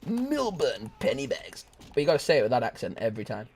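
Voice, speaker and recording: A man's voice: mid-range voice, racing, darkish tone, soft background music. A young man streaming a shooter game, rambling goofily and breaking into squeals, laughs and bits of song. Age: young adult. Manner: goofy, rambling, bursts into shrieks, laughter and sung snatches. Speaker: gaming streamer. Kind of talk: casual live gameplay commentary.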